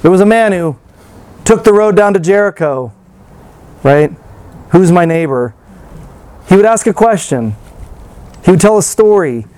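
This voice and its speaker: Male preacher with a high voice and a loose, chatty delivery full of rhetorical questions. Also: lively intonation, normal speed, long pauses, darkish tone. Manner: conversational, many rhetorical questions and fillers. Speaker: pastor. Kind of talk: sermon.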